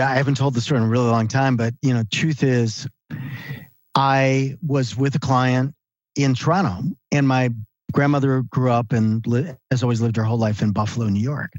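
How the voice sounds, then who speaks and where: Husky man telling a story, lo-fi. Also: medium pitch, dry recording. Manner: animated storyteller who voices the people in his stories. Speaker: podcast guest. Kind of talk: storytelling in an interview. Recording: dull lo-fi recording.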